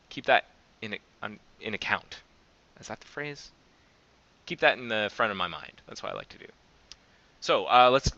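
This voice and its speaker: A man's voice: on the low side, vocal fry, sharp tone, lo-fi sound. A man hosting a coding show, thinking aloud as he reviews code, hesitant and often correcting himself. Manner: hesitant, self-correcting, many fillers.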